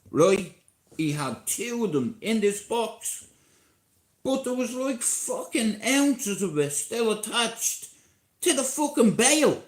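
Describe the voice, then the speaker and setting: Slow-talking Dublin man in an echoey room. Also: high voice. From Ireland. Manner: profane, chatty, keeps checking in with listeners. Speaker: live streamer. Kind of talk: rambling live-stream storytelling.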